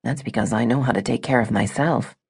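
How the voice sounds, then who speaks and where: A woman's voice: extremely low pitch, fairly quick, gravelly, darkish tone, husky, pitched below the performer's own voice, full character voice. A woman doing a wry, blunt American matchmaker. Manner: dry, teasing, skeptical.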